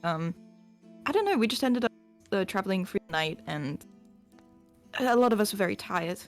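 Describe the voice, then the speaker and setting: A hesitant, apologetic young traveler, voiced by a woman player, filling her sentences with ums and restarts. Her pitch moves around lively over faint background music. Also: moderate pace, natural voice. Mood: awkward.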